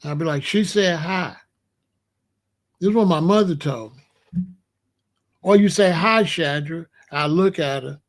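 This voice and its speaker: A man's voice: fairly high pitch, moderate pace. A man in his late sixties, a show host, telling family stories in a casual, streetwise, boastful way with plenty of slang. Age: 60s. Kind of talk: casual storytelling monologue.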